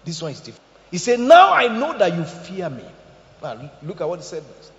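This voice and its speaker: A man preaching a sermon as pastor, animated, acting out quotes and jokes. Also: high-pitched, brisk. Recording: echoey hall, dull lo-fi sound.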